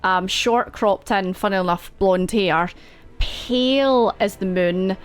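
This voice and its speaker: Woman game master, slow, rambling narration full of asides. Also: medium pitch, clean tone. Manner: loose, rambling narration with many fillers and asides.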